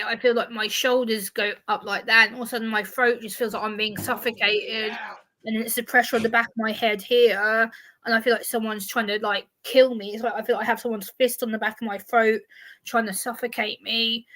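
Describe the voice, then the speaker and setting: Bright-voiced woman chatting on a stream. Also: fairly high pitch, fairly quick. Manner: animated, swears freely. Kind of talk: casual chat on a live stream.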